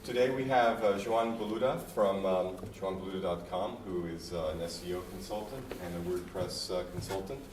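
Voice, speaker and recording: A man's voice: low voice, moderate pace, few pauses. A man hosting a meetup introduces the guest speaker, hesitating with frequent fillers. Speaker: meetup organizer and host. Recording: distant mic in echoey room with background noise.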